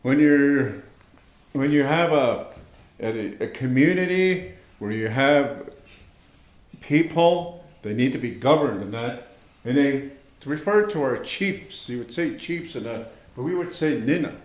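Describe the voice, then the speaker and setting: Slow, patient male language teacher. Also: medium pitch, animated, reverberant. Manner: slow, patient, repeats words and checks in with "okay?". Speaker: language instructor. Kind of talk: online language lesson.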